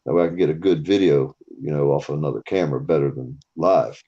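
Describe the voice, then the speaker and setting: A man hosting a live stream, telling stories in a profane, animated way. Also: a bass voice, quick pace. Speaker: stream host. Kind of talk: casual storytelling chat. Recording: dull lo-fi stream audio.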